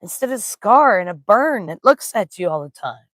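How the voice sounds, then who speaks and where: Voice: medium pitch, very animated, moderate pace, fairly bright tone, no echo, clean studio sound. A spiritual teacher giving a casual live-streamed talk, telling stories with folksy slang and greeting viewers in the chat. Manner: laughs easily, folksy slang.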